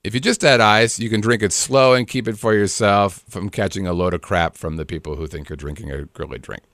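A man's voice: on the low side, fairly even intonation, a little fast, a bit bright, no echo, studio quality. A middle-aged married man co-hosting a podcast, joking and teasing in casual banter. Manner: joking, teasing, does silly voices. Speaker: podcast co-host.

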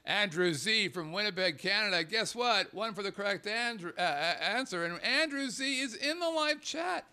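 A man co-hosts a loose, jokey podcast in a bright, forward voice that sits a little high. His pitch swings widely as he reads listener names, jumping from loud calls to low muttered asides. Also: normal speed, smooth. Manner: animated, playful, swings from loud to murmured asides. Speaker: co-host. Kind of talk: casual podcast banter.

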